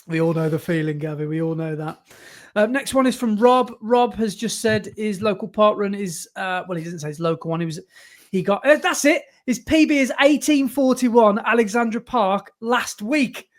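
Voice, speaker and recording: A man's voice: sits high, normal speed. A man, co-hosting a podcast, chatty and encouraging as he reads out listener emails. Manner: chatty and encouraging, rattling through messages. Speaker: podcast co-host. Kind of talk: casual chat, reading listener emails.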